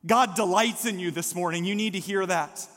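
Pastor guy preaching, pretty high voice, big echoey church hall, gets fired up. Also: normal speed, a bit bright. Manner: impassioned, builds to calls for response. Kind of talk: sermon. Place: church sanctuary.

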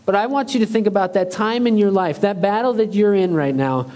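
A man's voice: sits high, brisk, darkish tone. A man preaching a sermon as pastor, speaking conversationally and asking the congregation questions.

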